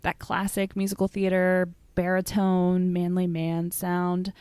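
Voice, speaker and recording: Her fairly low voice is monotone, smooth and a little mellow, delivered at a measured pace in a dry recording. She co-hosts a casual podcast on musical theater, voicing firm opinions and saying "like" a lot.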